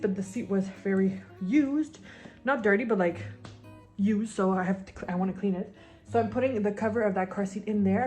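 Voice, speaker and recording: A woman's voice: mid-range voice, dark tone. A heavily pregnant young woman with a mother tongue, chatting casually and a bit scattered while she cleans at home, sometimes out of breath. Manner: chatty and scattered, many fillers, laughing at herself. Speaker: vlogger. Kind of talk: casual chat. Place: home, moving between rooms while cleaning.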